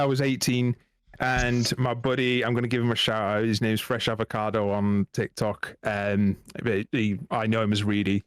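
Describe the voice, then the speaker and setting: A man's voice: fairly low pitch, smooth, no room sound, clean studio sound. A man, a podcast guest, telling sweary, self-mocking army stories in casual chat.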